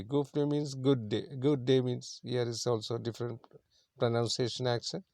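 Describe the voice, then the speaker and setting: A man's voice: medium pitch, steady tone, unhurried, a little mellow, no room sound. A man teaching an English story lesson, explaining words simply and repeating himself with many fillers. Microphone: screen recording.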